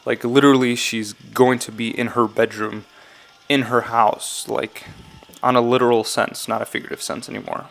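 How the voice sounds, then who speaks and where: A man talks loosely through song lyrics for his channel, in a mid-pitched, unhurried voice. He drifts between thoughts, corrects himself mid-sentence and keeps sounding unsure of his own readings. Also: flat delivery, creaky, fairly bright tone. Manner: rambling, self-correcting, often unsure. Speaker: YouTuber analyzing game song lyrics. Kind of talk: casual commentary vlog.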